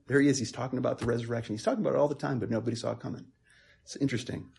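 A male preacher in a conversational sermon, his voice husky and a little breathy. He talks earnestly, repeats words as he works through a thought, then climbs into emphatic, passionate peaks. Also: mid-range voice, fairly even intonation, very fast, a little mellow. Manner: repeats words while thinking aloud.

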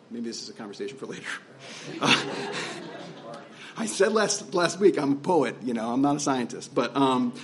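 A man's voice: on the high side, a little hiss or hum. A man preaching as pastor, conversational and emphatic, asking his listeners rhetorical questions. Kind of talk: sermon.

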